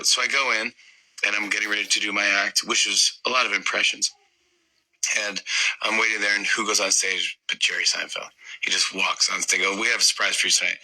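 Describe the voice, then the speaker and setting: A man in his fifties telling an anecdote as an interview guest, animated and acting out voices. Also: lowish voice, poor audio. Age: 50s. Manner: animated storyteller who acts out voices. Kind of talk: casual anecdote.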